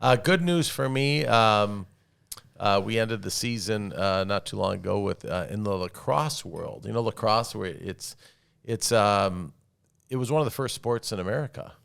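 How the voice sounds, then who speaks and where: A man in his fifties hosts an interview podcast with a smooth, clear voice set fairly low. He keeps the chat upbeat and enthusiastic, steering the conversation casually. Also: moderate pace, a bit bright. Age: 50s. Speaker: podcast host.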